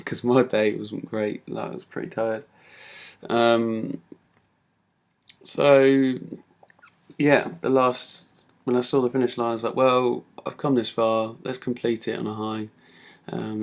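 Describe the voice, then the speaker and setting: Low gravelly man telling a story. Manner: casual storytelling with many fillers. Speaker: speaker giving a talk. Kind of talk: personal story talk.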